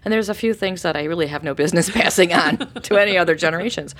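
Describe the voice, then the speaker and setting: A woman's voice: lowish voice, rapid-fire. A middle-aged woman, a podcast guest, telling a story in casual chat and acting out the voices she quotes. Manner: animated, acts out quotes with lively voices.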